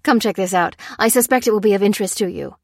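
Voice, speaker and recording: A woman voicing a grandfatherly older male scientist in an audiobook, courteous, soothing and calmly in charge. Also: mid-range voice, fast talker, no room sound, studio quality, close to an everyday voice. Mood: genial.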